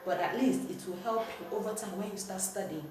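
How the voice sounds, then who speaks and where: A woman's voice: medium pitch, brisk, a crowd in the background. Nigerian woman drilling words, echoey room. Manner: firm, corrects and repeats words with exaggerated tones. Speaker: language teacher. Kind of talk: casual home language lesson. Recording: echoey room, distant mic, faint noise.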